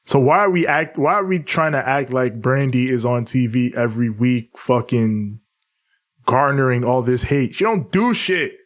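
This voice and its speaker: A man's voice: medium pitch, normal speed. A man co-hosting a casual wrestling podcast, speaking bluntly and profanely. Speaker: podcast co-host. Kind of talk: casual wrestling recap chat.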